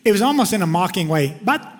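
A man preaches a sermon in a conversational, emphatic storytelling manner. His voice sits a bit high for a man. A long reverb trails his words through a church sanctuary. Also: sing-song, quick pace. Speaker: pastor.

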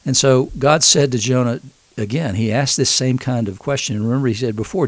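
A man's voice: medium pitch, expressive, a little fast, vocal fry, husky, dry recording. A man preaching a conversational sermon, earnestly retelling a scripture story and acting out its quotes.

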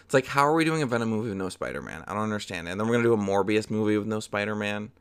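A man's voice: on the low side, animated, racing, gravelly, smooth, no echo. A young man hosting a casual solo movie review podcast, chatty and profane, rambling with lots of fillers.

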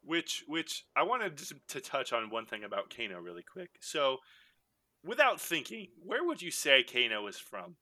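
A man with a bright, forceful voice leads a relaxed film podcast chat, joking and laughing between points. The sound is dry and close, with no room in it. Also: medium pitch, normal speed, no room sound. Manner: animated, laughing, jokey asides. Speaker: podcast host. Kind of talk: casual movie-rewatch chat.

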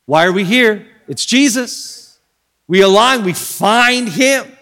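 Man, preacher, high voice, dramatic gasps and shouts, long hall reverb. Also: expressive, slow. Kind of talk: sermon.

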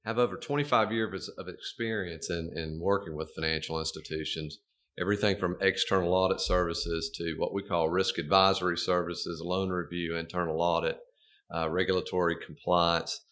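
A middle-aged man, a guest expert explaining a banking topic in a measured way on a podcast. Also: deep voice, fairly even intonation, a bit bright.

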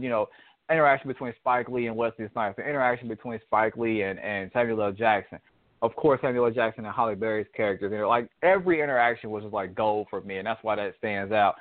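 A man telling a rambling story in a relaxed, casual chat. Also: mid-range voice, no echo. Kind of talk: casual chat about a movie. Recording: dry tinny phone line.

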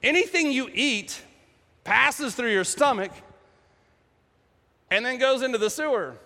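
A man's voice: very high-pitched, lively intonation, measured pace, sharp tone, voice pushed up, exaggerated voice. A man voicing Jesus as a patient, teasing teacher in casual, jokey speech. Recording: echoey hall.

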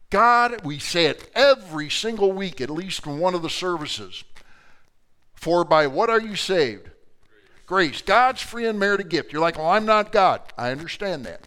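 An older man teaches a Bible class in a church room before a live audience. His voice sits a little high for a man. He moves between loud, emphatic points and quiet, confiding asides. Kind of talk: sermon-style Bible teaching.

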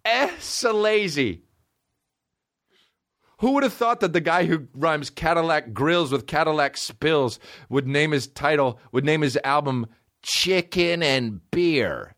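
Lively, swearing comedy podcast guy. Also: fairly high pitch, takes it slowly. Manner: rambling, profane, jokey. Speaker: podcast host. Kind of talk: casual comedy podcast riffing.

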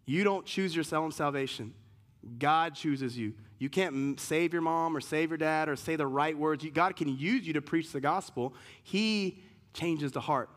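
A man preaching a sermon as pastor, emphatic, rising sharply in pitch when he reads scripture aloud. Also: normal speed, fairly bright tone.

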